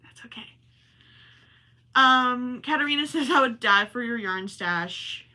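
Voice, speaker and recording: Young woman crocheting on a livestream, super bright voice, rambly casual chat, keeps correcting herself. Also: fairly high pitch, lively intonation, unhurried. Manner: chatty and rambling, self-correcting, talks while working.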